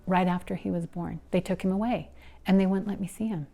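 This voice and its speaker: A middle-aged woman telling her personal story in an earnest, emotional way, her voice going soft and breathy at the tender moments. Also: fairly low pitch, steady tone, brisk. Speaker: interviewee, nonprofit founder and mother. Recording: soft music underneath.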